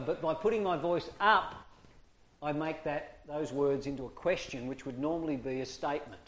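A man teaches a small group in a loose, talky way. He acts out his points by moving his voice up and down. His voice sits slightly on the high side. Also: fairly bright tone. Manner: demonstrative, swings his voice high and low to make points. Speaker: speaker teaching discipline. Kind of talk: informal talk to a small group.

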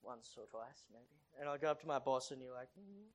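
Preacher doing a sermon, reads old bible verses then chats about them, asks the congregation stuff, gets loud and urgent. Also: mid-range voice, fairly even intonation, fairly quick, rough recording. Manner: reads King James verses aloud, then explains them in chatty asides; builds to loud, urgent pleading.

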